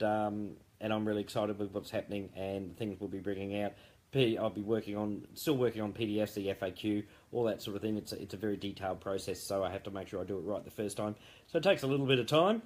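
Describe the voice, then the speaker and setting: Low guy rambling on a late night live, jokey, lots of ums and restarts, sounds tired. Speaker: founder giving a live update. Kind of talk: rambling live-stream update.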